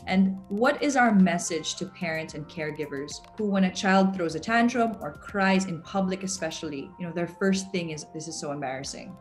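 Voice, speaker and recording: A woman hosting an interview, chatting casually and asking long, conversational questions. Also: low-pitched. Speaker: host.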